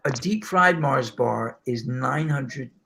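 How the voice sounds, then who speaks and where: A middle-aged man from New York hosting a show, telling stories in an animated casual way. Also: mid-range voice, slow, vocal fry, a little hiss or hum. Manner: animated storyteller, slips into voices. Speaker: show host. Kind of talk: casual storytelling chat.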